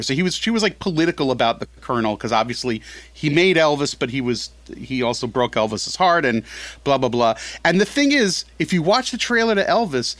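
A man talking as a guest in a casual podcast chat, animated and rambling, often correcting himself mid-sentence. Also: fairly high pitch, brisk, no room sound. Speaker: film critic guest.

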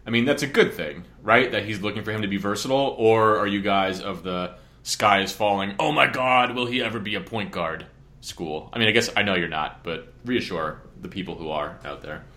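A man's voice: deep voice, fairly quick, hardly any pauses, sharp tone. A man hosting a casual sports talk show, asking questions and teasing his co-hosts. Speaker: podcast host.

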